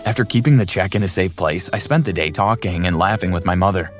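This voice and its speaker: A man narrating his own story in an earnest, plain first-person voice for an animated story. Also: deep voice, fast, hardly any pauses, soft background music.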